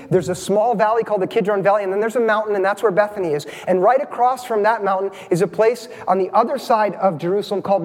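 A male pastor with a high voice delivers a sermon in a church sanctuary. He keeps the congregation involved, checking in with quick questions, and his words ring out with a long reverb through the hall. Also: a little mellow. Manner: engaging, asks the congregation questions.

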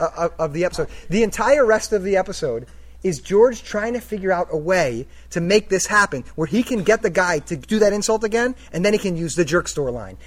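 A man giving a sermon as a story, talking casually and asking the audience questions. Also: high-pitched. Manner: conversational, asks the audience questions. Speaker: preacher.

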